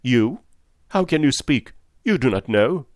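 A man's voice: lowish voice, sing-song, normal speed, a little mellow, dry recording, studio quality. A man voicing a distressed, indignant middle-aged husband who protests and pleads, in an audiobook reading.

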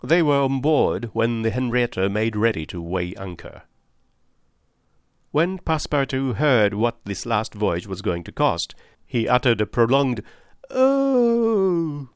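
A man narrating a classic adventure novel aloud in a steady, measured way. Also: lowish voice, no echo, studio quality. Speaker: audiobook narrator. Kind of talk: scripted narration.

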